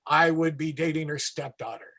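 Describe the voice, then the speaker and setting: A man who works as a street performer, telling a long anecdote in an interview with animated asides and acted-out voices. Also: on the high side, normal speed, gravelly.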